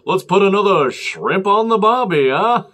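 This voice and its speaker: A man's voice: sits high, lively intonation, moderate pace, pitched above the performer's own voice. Man putting on a hammy fake Aussie bloke. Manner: hammy, loud, over the top. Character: exaggerated jokey Australian bloke.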